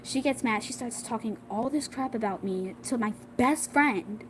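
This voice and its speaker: A woman's voice: a little high, moderate pace, slight background noise, low-quality recording. A young girl telling a school drama story in a casual, rambling way, full of fillers, acting out what her classmates said. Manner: rambling, many "like"s, acts out quoted classmates. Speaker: vlogger.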